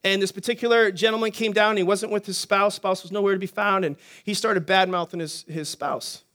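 A man's voice: high voice, steady tone, fairly quick, pushed and bright. A middle-aged man preaching a sermon as pastor, conversational, with joking asides and frequent restarts.

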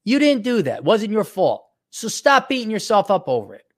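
A man's voice: sits high, huge pitch swings, fairly quick. A middle-aged man hosting a podcast, delivering an opinionated, sardonic monologue with mocking asides. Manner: sardonic, mocking, with put-on voices. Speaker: podcast host.

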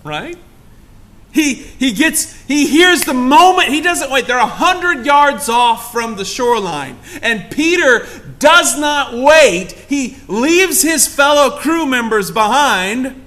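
A man's voice: expressive, takes it slowly, sharp tone. A man preaching a sermon to a congregation in a church, acting out the lines of the story with dramatic swings and asking the room questions. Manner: dramatic, acts out quoted lines with big shifts in pitch and volume; asks the congregation direct questions. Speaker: pastor.

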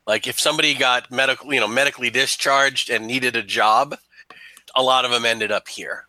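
Rambling male game master, very bright. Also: medium pitch, steady tone, a little fast, low-quality recording. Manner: rambling, many "you know" fillers. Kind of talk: narrating a tabletop game.

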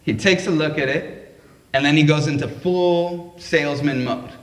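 A man's voice: fairly high pitch, moderate pace, distant mic. A man telling a comedic story on stage at a live event, wry and self-deprecating. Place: live event at a public library. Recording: echoey live room.

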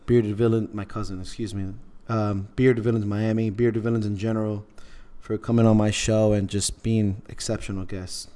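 A man's voice: on the low side, level tone, normal speed, few pauses, dark tone, clean tone. A man hosting a podcast, telling a story in an earnest, heartfelt way with frequent repeats. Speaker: podcast host. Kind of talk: casual podcast talk.

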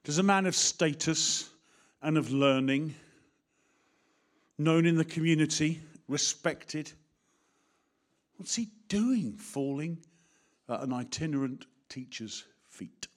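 Animated English preacher, middle-aged man. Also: on the high side, takes it slowly, pauses often. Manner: animated, acts out voices, talks directly to the congregation. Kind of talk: sermon.

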